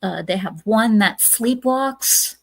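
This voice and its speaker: A woman's voice: fairly high pitch, slow pace, vocal fry, no room sound. A woman hosting a casual movie review podcast, retelling scenes step by step with lots of "uh"s. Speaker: podcast host.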